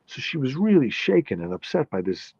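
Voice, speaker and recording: A man's voice: medium pitch, sing-song, a little fast, vocal fry, a little mellow, husky, no echo, highs cut off. A man from New York hosting a live-stream chat, telling rambling anecdotes with many restarts and answering viewer comments. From New York, USA. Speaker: show host.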